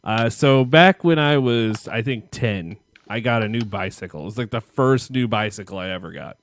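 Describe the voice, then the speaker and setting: A podcast co-host with a medium-pitched voice and a moderate pace tells a long, profane childhood story. It's casual storytelling chat, and he rambles and laughs at himself along the way.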